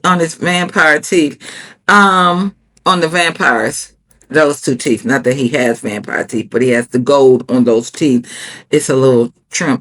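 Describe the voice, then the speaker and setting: Woman, reality TV reviewer; sassy, blunt, swears, animated pitch spikes when outraged. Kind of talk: casual commentary.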